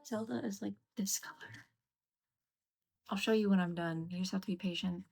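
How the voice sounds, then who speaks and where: A woman's voice: mid-range voice, fairly even intonation, normal speed, creaky, a little mellow, rough recording. A woman chatting casually on a live stream as she works on a craft piece, often murmuring encouragement to herself. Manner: murmurs to herself, self-coaching. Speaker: craft livestreamer. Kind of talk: casual live-stream chat while working.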